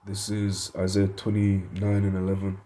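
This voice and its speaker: A man's voice: low voice, monotone, moderate pace, warm tone, a little hiss or hum. A man giving an informal Bible study lesson, reading verses and word definitions aloud, thinking aloud and correcting himself as he goes. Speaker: Bible teacher.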